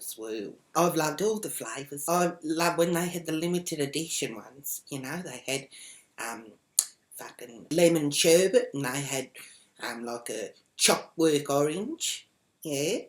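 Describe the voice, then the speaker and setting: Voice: medium pitch, animated, unhurried, close to an everyday voice. A comedian playing a brash, foul-mouthed woman who rambles and swears bluntly in a comedic character vlog.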